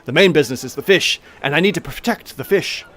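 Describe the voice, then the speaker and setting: A man voicing a bustling, cheerful halfling woman who runs a fishery, talking high and eager. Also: quick pace, fairly bright tone. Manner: high, eager, chatty, fussing over business.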